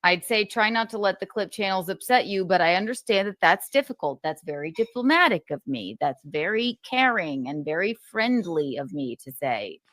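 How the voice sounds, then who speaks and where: A woman's voice: on the low side, lively intonation, normal speed, hardly any pauses, fairly bright tone, no room sound, studio quality. A woman in a heated casual rant, rambling and profane, recounting a feud.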